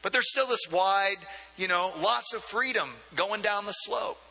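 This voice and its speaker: A man's voice: high voice, measured pace, gravelly, pushed and bright. A man preaching a sermon as pastor, in a conversational way with frequent asides and repeated words. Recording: long hall reverb.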